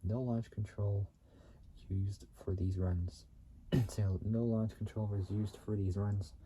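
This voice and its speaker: A man reads car facts for his own video in a very low, dark, mellow voice. He stumbles often, restarting and repeating phrases before correcting himself. A faint hiss sits under the recording. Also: steady tone, slow, low-quality recording. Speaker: YouTube channel host.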